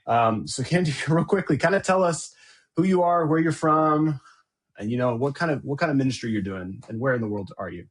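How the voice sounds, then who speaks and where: A man's voice: mid-range voice, expressive, brisk, breathy edge. A man hosting an interview podcast, upbeat and chatty with frequent "um" fillers. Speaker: podcast host.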